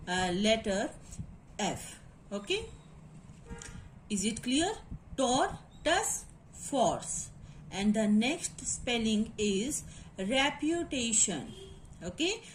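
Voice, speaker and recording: A woman teaching a phonetics lesson, spelling out words letter by letter and often asking whether it is clear. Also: fairly high pitch, a little hiss or hum. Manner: slow, spells out letters and syllables, repeats checks. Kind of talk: classroom lecture on phonetics.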